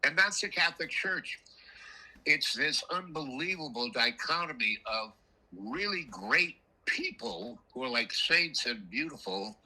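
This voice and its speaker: A man's voice: on the high side, unhurried, rough recording. An older man telling rambling stories about his past in a casual chat, coughing now and then. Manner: rambling, animated, frequent coughs. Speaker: storyteller guest. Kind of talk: casual storytelling.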